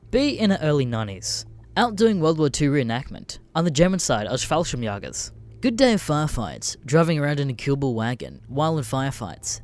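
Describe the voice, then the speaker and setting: A man narrating a story in a casual, profane, wry way. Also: mid-range voice.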